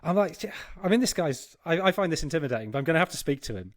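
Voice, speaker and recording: Podcast panelist, lively storyteller, higher-pitched, close and dry. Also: male voice, rapid-fire, dry recording. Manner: animated, laughing as he tells a story. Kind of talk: anecdotal storytelling.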